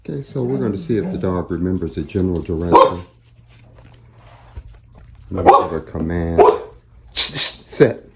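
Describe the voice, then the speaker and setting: Deep-voiced man explaining dog training. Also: normal speed, creaky, long pauses, very noisy. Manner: steady, instructive, narrates each step as he works. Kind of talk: explaining a training session to camera.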